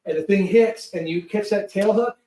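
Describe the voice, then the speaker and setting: A high-voiced man spins a lively, profane anecdote as a guest, tripping over restarts as he goes. He sits some way off the mic, and the room rings around him. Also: moderate pace, roomy sound, distant mic, rough recording. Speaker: guest producer. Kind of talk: animated storytelling.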